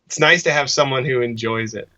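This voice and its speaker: A man's voice: mid-range voice, a little fast, sharp tone, lo-fi sound. A man, a musician, chatting casually in an interview, reflective and rambling with restarts. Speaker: musician guest.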